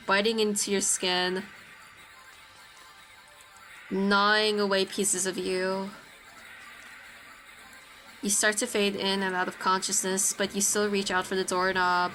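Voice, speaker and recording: A woman's voice: medium pitch, little pitch movement, a little slow, long pauses, fairly bright tone, a little hiss or hum. Woman reading a horror game aloud. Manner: reacts with gasps and apologies between reading. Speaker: streamer. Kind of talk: reading a visual novel aloud while playing.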